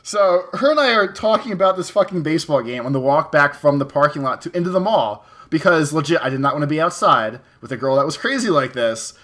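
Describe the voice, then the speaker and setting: A man on a podcast telling a story in a casual, profane, animated way. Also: fairly high pitch, fast talker, hardly any pauses. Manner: profane, animated retelling with acted-out quotes. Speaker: podcast co-host.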